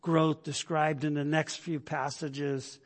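A male pastor with a fairly high voice delivers a conversational sermon, tossing "right?" to his listeners and restarting his phrases. He swells to loud emphasis on his key points. The sound rings with the long reverb of a church sanctuary. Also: little pitch movement, slow pace. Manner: conversational preaching, keeps asking "right?"; repeats words and restarts, then rises to loud emphasis.

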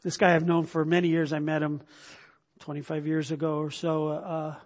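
A man's voice: a little high, little pitch movement, normal speed, darkish tone. A middle-aged male pastor preaching a conversational sermon, full of restarts and sudden bursts of emphasis. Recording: long hall reverb.

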